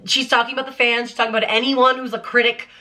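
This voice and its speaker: A young adult woman talking casually on her vlog, breaking down song lyrics in an emphatic, animated way with lots of "like" fillers. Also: fairly high pitch, quick pace. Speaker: vlogger analyzing song lyrics. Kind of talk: casual commentary.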